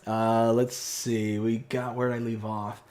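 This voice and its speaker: Chatty excitable man streaming a game. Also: medium pitch, a little slow. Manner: chatty, excitable, reads chat aloud. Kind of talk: live stream chat while playing.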